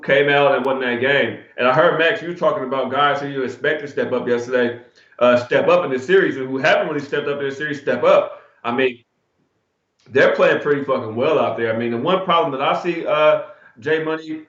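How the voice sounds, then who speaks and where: Dude talking fast on a betting show, slangy and swearing, echoey room, kinda muffled audio. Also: male voice, mid-range voice. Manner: animated, swearing, slangy storyteller. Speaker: sports betting show co-host. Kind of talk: casual storytelling and betting talk. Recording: echoey room, dull lo-fi sound.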